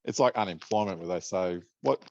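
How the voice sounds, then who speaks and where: A man co-hosting a podcast in casual chat, agreeable and quick to chime in. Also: sits low. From Australia. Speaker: podcast co-host. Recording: dull, lo-fi sound.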